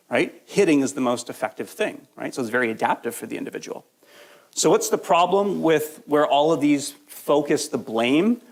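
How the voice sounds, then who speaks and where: Here a male presenter, still shaking off a cold, gives a live training talk to workshop attendees in a mid-range voice. He jokes around, keeps it conversational, and keeps asking "right?"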